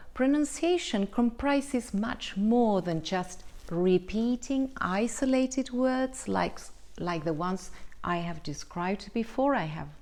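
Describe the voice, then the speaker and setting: A woman teaching English pronunciation in an online lesson, explaining slowly and deliberately and checking in often with the learner. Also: medium pitch, a little mellow. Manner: slow, deliberate, explanatory with frequent checks like "right?".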